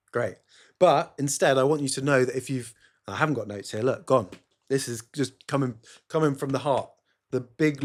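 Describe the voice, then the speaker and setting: A man talks alone into a phone camera for his podcast, drifting from dry sarcasm into earnest asides. His voice sits at an everyday middle pitch, and he keeps stopping to correct himself before pressing on. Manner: sarcastic, rambling, self-interrupting. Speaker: podcast host. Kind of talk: solo podcast monologue.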